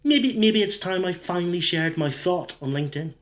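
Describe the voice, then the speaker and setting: A man's voice: high-pitched, expressive, normal speed. A man doing stand-up one-liners, rambling and stumbling over his words. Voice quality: rambling, self-interrupting. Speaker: stand-up comedian.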